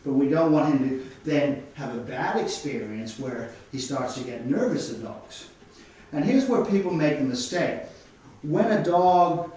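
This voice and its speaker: An Australian man working as a dog trainer, explaining dog behaviour in an instructive way and giving calm commands to the dogs. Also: on the high side. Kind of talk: explaining while demonstrating. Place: studio. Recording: echoey room, mic at a distance.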